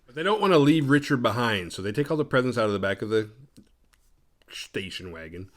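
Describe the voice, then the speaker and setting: Male host, lower voice, lively swings in pitch; sarcastic, profane comedic film recap with quick character voices. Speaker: horror movie recap host.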